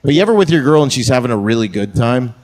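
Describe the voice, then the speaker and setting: A male stand-up comedian working a club stage. His delivery is brash and crude, in a middle-pitched voice. A faint hiss of noise sits under the recording. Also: big pitch swings, fast talker, a little mellow. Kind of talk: stand-up set.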